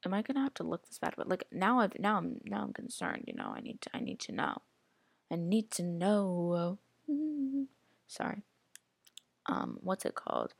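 A woman's voice: mid-range voice, wildly swooping pitch, normal speed, vocal fry, slightly rough, dry recording. A woman hosting a casual solo podcast, rambling and chatty, full of "like" and reacting aloud to what she scrolls through. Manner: rambling, chatty, heavy use of filler "like". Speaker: podcast host.

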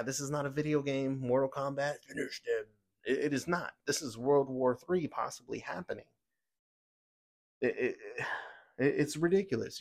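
Man ranting through a news podcast. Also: medium pitch. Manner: heated, ranting, with many fillers and restarts. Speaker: podcast host. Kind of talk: opinionated news commentary.

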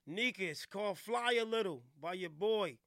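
A man's voice: high voice, lively intonation, moderate pace, fairly bright tone, no echo. A man hosting a podcast, playful and teasing in slangy casual chat. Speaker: podcast host.

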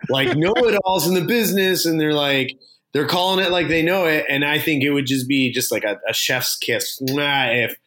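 A man's voice: fairly high pitch, lively intonation, normal speed, a bit bright. A man co-hosting a podcast, talking bluntly and swearing freely in casual chat. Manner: blunt, profane. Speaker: podcast co-host.

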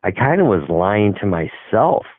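Middle-aged coach, low voice, rambling anecdote, phone-line sound, dry. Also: male voice, big pitch swings, a little slow, slightly rough, no echo. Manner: rambling, acts out quoted dialogue. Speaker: hockey coach. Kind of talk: casual storytelling.

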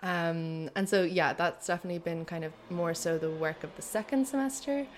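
A woman's voice: on the low side, a little fast, a little hiss or hum. A young Irish woman in her twenties, a guest chatting casually, laughing often and using plenty of fillers. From Ireland. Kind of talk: casual chat. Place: room by a window with trains passing. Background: passing train.

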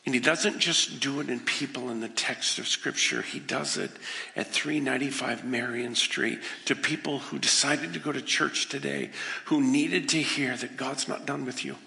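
A man preaching a sermon as pastor, dramatic and humorous, acting out voices and swinging from loud to hushed, in a church. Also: medium pitch, fairly even intonation, normal speed, gravelly. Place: church sanctuary. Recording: reverberant church hall.

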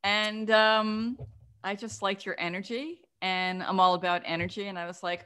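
A woman author being interviewed, telling stories in an animated way and often checking in with "okay?". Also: medium pitch, normal speed, clear, resonant tone. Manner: animated storyteller, often tags lines with "okay?". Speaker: guest author and cartoonist. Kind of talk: casual interview storytelling.

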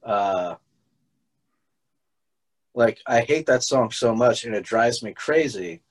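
A man hosting a casual podcast chat, talking at an everyday mid pitch. He rambles, swears freely and keeps restarting his sentences. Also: expressive, slow, poor audio. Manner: rambling, profane, restarts a lot. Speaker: podcast host.

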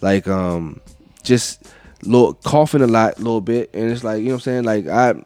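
A man's voice: on the low side, moderate pace, a little mellow, clean tone, no room sound, soft background music. A middle-aged man co-hosting a podcast, telling a long casual story full of fillers and profanity. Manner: loose, rambling storyteller with frequent profanity and fillers. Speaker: podcast co-host.

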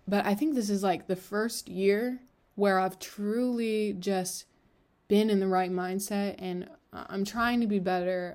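A woman's voice: medium pitch, darkish tone. A young woman in her twenties hosting a podcast, talking candidly and emotionally in a rambling confessional monologue full of "like" and "you know.". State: tearful at times. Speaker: podcast host.

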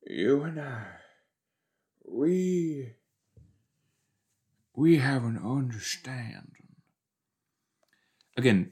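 Slow, animated young man riffing. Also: fairly low pitch. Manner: chatty, rambling, jokey, puts on silly voices. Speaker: podcast host reacting to a TV episode. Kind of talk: casual reaction commentary.

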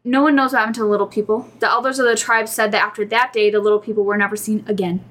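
A woman co-hosting a chatty folklore podcast, reading out legends and reacting with loud exclamations. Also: medium pitch, racing. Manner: animated and exclamatory, reads folklore aloud. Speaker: podcast co-host. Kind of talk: casual chat.

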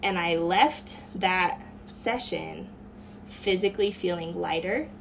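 Female podcast guest, lower voice, reflective personal storyteller, casual and earnest. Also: slow, vocal fry, a little hiss or hum. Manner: earnest, reflective, with many fillers like "um" and "like".

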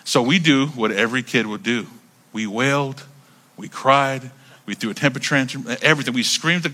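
A man in his thirties preaching, telling a story in an animated, conversational way, repeating words as he builds up. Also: mid-range voice, moderate pace. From United States. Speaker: pastor. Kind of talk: sermon storytelling.

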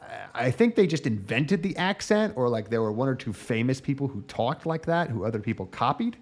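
A man's voice: medium pitch, sing-song, brisk. Rambling, profane male podcast co-host. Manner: rambling, profane, trailing off at the ends of thoughts. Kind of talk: casual podcast chat.

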